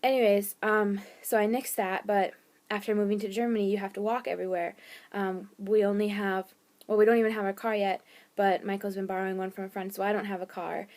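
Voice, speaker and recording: A woman's voice: medium pitch, flat delivery, fairly quick, darkish tone. A young woman telling a personal story in a casual vlog, chatty and full of "um" and "like". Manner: chatty, lots of fillers and "like". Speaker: vlogger.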